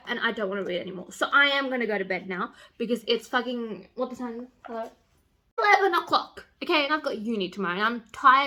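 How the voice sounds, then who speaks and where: A young woman vlogging about a book she is reading, excitable and swearing freely, swinging between loud outbursts and soft whispers. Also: fairly high pitch. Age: young adult. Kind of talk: casual reading vlog.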